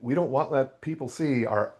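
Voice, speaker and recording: His tone is darkish, his pitch medium, and his pace moderate as this middle-aged podcast guest recounts his faith journey. The interview testimony is raw and candid, with him acting out his past outbursts.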